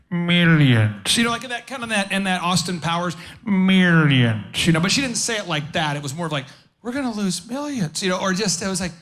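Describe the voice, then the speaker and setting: A man speaking on stage at a business conference, riffing with jokes and quick questions to the audience. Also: high voice, sharp tone. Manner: fast, jokey, riffing asides and audience questions. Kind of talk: energetic live seminar talk.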